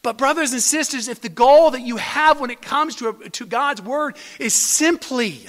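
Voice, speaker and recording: A man's voice: very high voice, normal speed, a bit bright. A man preaching a sermon as pastor, earnest, restarting phrases and building to emphatic peaks. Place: church sanctuary. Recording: long hall reverb.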